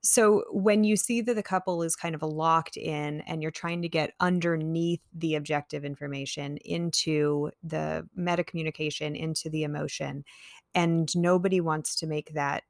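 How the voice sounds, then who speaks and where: A woman's voice: sits low, fairly even intonation, normal speed, creaky, dry recording, studio quality. A woman hosting an interview, asking long thoughtful questions and searching for words as she talks. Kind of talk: podcast interview.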